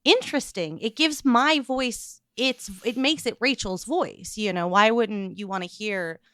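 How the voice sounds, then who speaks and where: A woman's voice: a little high, a little slow, a bit bright, no room sound, clean studio sound. A woman in her thirties with a Midwestern accent and a slight lisp, co-hosting a podcast in a chatty, theatrical way. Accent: Midwestern American. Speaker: podcast co-host. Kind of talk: casual podcast chat.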